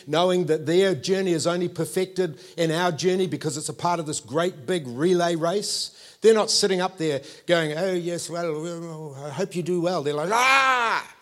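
A man in his fifties with a New Zealand accent, preaching a sermon in a conversational, animated way and checking in with his listeners. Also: on the high side.

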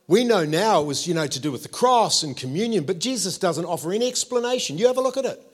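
A man, preaching a sermon with animated storytelling and playful asides to the congregation. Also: high voice, quick pace, slightly rough. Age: 50s.

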